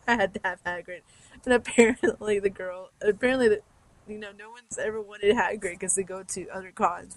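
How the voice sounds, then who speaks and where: A young woman fan chatting casually to her listeners, bubbly and rambling with lots of likes and ums. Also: medium pitch. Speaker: fan podcaster. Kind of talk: casual chat.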